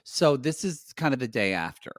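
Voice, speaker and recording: A man co-hosting a podcast, casually chatting and recapping a reality show with playful, animated asides. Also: moderate pace. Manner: animated, playful, bursts into loud high mock cries. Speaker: podcast co-host.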